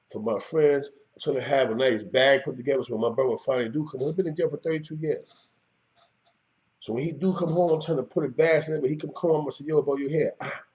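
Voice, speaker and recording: A middle-aged man holds forth in an unscripted monologue, streetwise and emphatic. His voice sits a little higher than most men's. He keeps checking in with the listener as he talks. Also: darkish tone. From New York. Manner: streetwise, emphatic, repeats "you know what I mean". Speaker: show host.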